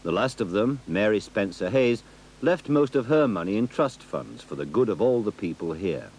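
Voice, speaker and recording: A man narrating a documentary in a measured, expressive way. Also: fairly low pitch, a little hiss or hum. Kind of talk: scripted narration.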